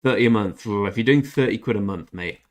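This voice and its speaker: A young man with a British accent and a somewhat low voice chats casually on a gaming livestream. He answers viewers by name and talks in a loose, chatty way, giving blunt opinions with a little swearing. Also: fast. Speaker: gaming streamer. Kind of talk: casual livestream chat while playing.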